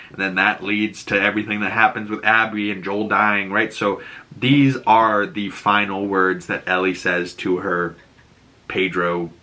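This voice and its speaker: A man with a Boston accent giving an emotional, swearing, casual recap of a TV episode, acting out the quotes. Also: bright, forceful tone. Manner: emotional, swears, acts out quotes with rising pitch. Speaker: TV show reviewer.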